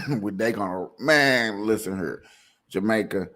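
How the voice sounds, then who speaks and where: A man's voice: lowish voice, a little slow. A man hosting a casual, joking commentary show, laughing and riffing. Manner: animated, joking, laughing often. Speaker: host.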